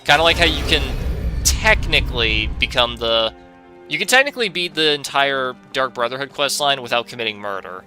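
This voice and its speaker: Gaming guy rambling wry commentary, really bright sharp voice, faint music under it. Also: mid-range voice, expressive, fairly quick. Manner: rambling, wry, jokey asides to viewers. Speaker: gaming video host. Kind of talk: casual let's-play commentary.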